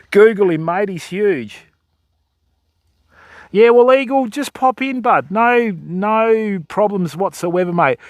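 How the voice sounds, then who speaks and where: Aussie fishing streamer bloke, middle aged, chill and jokey, slightly high voice. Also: male voice, no room sound, studio quality. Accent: Australian. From Australia. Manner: laid-back, joking, chatty. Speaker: fishing livestreamer. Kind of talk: casual chat with viewers.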